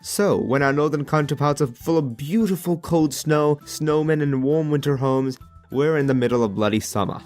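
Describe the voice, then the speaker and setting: A man's voice: a little high, normal speed, soft background music. Joking Australian man narrating a story. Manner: jokey, expressive, exasperated rants. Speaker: animated storyteller.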